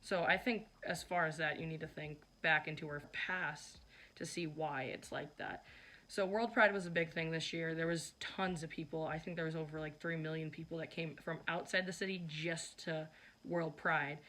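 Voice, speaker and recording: A woman's voice: deep voice, fairly even intonation, moderate pace, bright, forceful tone. A young woman narrating her vlog in a chatty, casual way, with lots of fillers. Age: young adult. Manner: chatty, filler-heavy, teasing. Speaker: vlogger.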